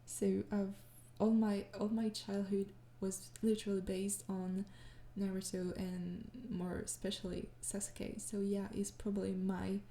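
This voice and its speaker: A tired young woman answering viewer questions in a casual chat, soft-spoken and hesitant, with many pauses and shy laughs. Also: medium pitch, level tone, reverberant.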